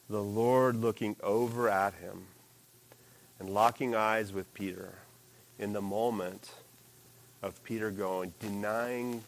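A man preaching a sermon in a lively, animated way, jumping into character voices for quoted lines. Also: gravelly, slight background noise. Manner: animated, acts out quoted lines with big pitch jumps.

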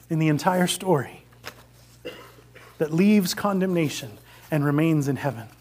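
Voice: mid-range voice, darkish tone. A preacher giving a sermon, retelling a story and exhorting the congregation. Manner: earnest, exhorting.

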